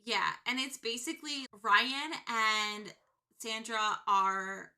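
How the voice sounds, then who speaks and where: A woman co-hosting a casual podcast, animated as she retells stories and laughs along the way. Her voice is bright and ringing. It sits on the high side for a woman. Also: slow pace. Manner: animated storyteller, laughs often. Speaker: podcast co-host. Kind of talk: casual chat.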